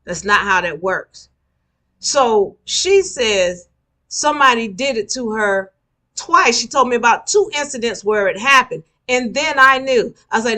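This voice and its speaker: A woman's voice: fairly high pitch, animated, a little slow, pushed and bright. A woman giving a live spiritual lecture, emphatic and repeating her key points for the listeners. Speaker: spiritual teacher.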